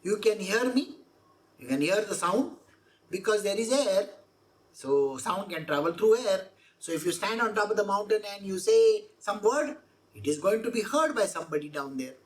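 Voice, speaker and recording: In a mid-range voice, animated and moderately paced, a woman teaches scripture verse by verse. Her exposition leans on repetition and rhetorical questions, in the manner of a spiritual teacher.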